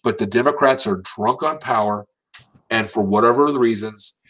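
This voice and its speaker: A man's voice: lowish voice, moderate pace, a bit bright, rough recording. Urgent, emphatic American man. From United States. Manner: emphatic, urgent, repeats and restarts phrases. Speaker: political commentator. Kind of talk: impassioned political commentary.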